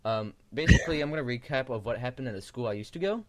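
A man on a casual group podcast call, telling stories in a lively way and laughing often. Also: medium pitch, fast talker. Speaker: podcast co-host.

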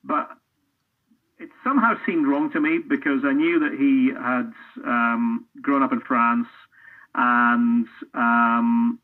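A middle-aged man from Scotland, a football commentator, speaks slowly in a steady, mid-range voice. Heard through tinny phone-line audio, his casual interview talk is thoughtful and earnest, with frequent restarts of his sentences.

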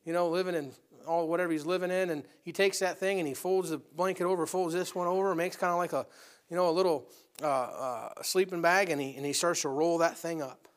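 High-pitched guy preaching, goes soft then really loud and fired up. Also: steady tone, brisk. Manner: builds from quiet to loud exhortation. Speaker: pastor. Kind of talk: sermon.

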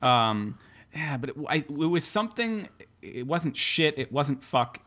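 A man's voice: fairly high pitch, very animated, unhurried, a bit bright. A man co-hosting a casual podcast, talking in a rambling, profane way and laughing often. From Chelmsford, Massachusetts area. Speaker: podcast co-host. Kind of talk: casual chat. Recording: close studio podcast mic.

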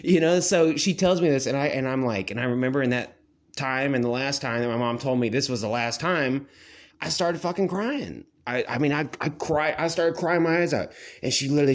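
A man's voice: mid-range voice, lively intonation, normal speed. A young man telling a personal story in a loose, profane way and laughing at himself. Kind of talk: casual storytelling monologue.

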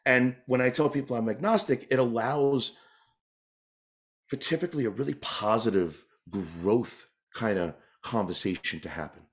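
A man's voice: medium pitch, normal speed. Earnest, rambling man from New York. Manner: earnest, rambling, with frequent restarts. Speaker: interview guest, tap dancer and entertainer. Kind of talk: reflective casual interview answer.

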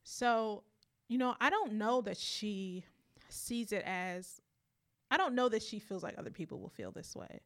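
A woman talks in a calm, thoughtful way, working through her thoughts as she speaks. Her voice is gravelly with vocal fry and sits at a middle pitch. She is middle-aged. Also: a little slow. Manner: reflective, thinks aloud with many likes. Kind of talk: casual chat.

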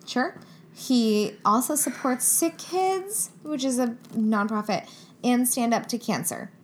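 A woman's voice: on the high side, lively intonation, slow, a little hiss or hum. A young woman co-hosting a podcast in casual chat, giggly and chatty, often trailing off mid-sentence. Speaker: podcast co-host.

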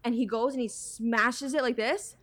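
A woman's voice: fairly high pitch, steady tone, moderate pace, fairly bright tone, no echo. Giggly young woman telling a story. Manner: giggly, talks over others. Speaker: guest, girlfriend of a host. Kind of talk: casual chat.

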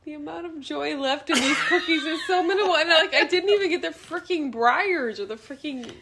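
A woman's voice: sits high, brisk, noisy background. A young woman co-hosting a podcast, telling a rambling, self-mocking story in casual chat and laughing often. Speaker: podcast co-host.

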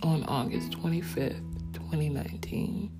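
A woman telling a personal family story in a slow, subdued and reflective way. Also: deep voice. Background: soft acoustic guitar music.

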